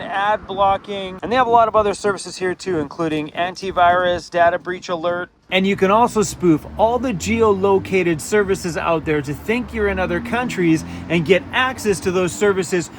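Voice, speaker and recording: A man's voice: sits high, slight background noise. A Canadian man chatting casually and energetically in a vlog, joking as he goes. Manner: upbeat, jokey, energetic. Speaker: vlogger.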